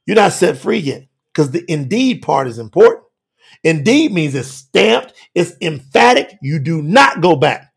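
A man preaching a sermon with emphasis, moving between shouted lines and quiet low asides. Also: gravelly, husky.

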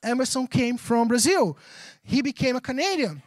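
A man who speaks English as a second language, preaching a sermon as pastor in a lively, conversational way, often checking in with the congregation. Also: very high-pitched, moderate pace, no echo, studio quality. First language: not English. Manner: animated, conversational preaching with frequent audience check-ins.

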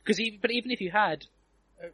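A man hosting a casual film commentary chat over a video call, chatty and quick to laugh. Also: high voice, fairly bright tone, slightly rough, no room sound. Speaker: podcast host.

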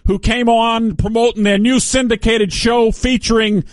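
Man playing a loud, squeaky Philly radio bro with a Philadelphia accent, boastful, bone-dry studio sound. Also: steady tone, normal speed, no echo. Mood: hyped. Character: brash loudmouth male Philly sports radio host. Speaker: radio host.

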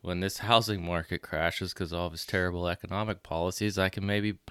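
Deep smooth-voiced guy, jokey podcast chat, dry close sound. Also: steady tone, a little fast, fairly bright tone, dry recording. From Pittsburgh area, USA. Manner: joking, chatty, laughs often. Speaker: podcast co-host. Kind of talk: casual chat.

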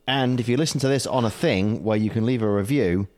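A man's voice: fairly low pitch, a little fast, darkish tone. A man co-hosting a podcast, joking and swearing in casual banter. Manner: joking, swearing, laughs often. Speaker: podcast co-host.

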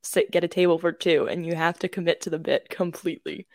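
A woman's voice: lowish voice, fairly even intonation, fast talker, no room sound, studio quality. A young woman co-hosting a podcast, telling rambling stories in casual chat with lots of fillers and restarts. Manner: chatty storyteller with many fillers and restarts. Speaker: podcast co-host.

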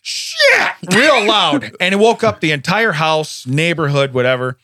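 A man co-hosting a casual chat, telling a story in an animated way and laughing often. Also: a little high, moderate pace, no room sound, clean studio sound. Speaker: podcast co-host.

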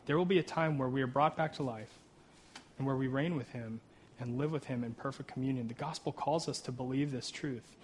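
A man's voice: mid-range voice, slight background noise. A man preaching a sermon, earnest, reading scripture aloud and tossing in "right?" asides and self-deprecating jokes. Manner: reads scripture aloud with rising emphasis. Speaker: pastor.

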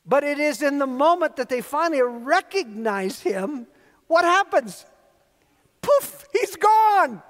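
A man's voice: very high voice, expressive, a little slow, a bit bright. A male pastor preaching an earnest sermon, telling stories and building emphatic repeated phrases. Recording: long reverb of a large hall.

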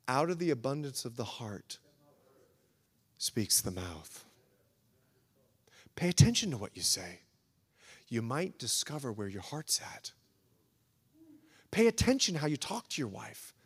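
Animated male pastor preaching in an echoey hall. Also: medium pitch, measured pace, long pauses, breathy edge. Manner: emphatic, repetitive preaching with rising and falling intensity. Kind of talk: sermon.

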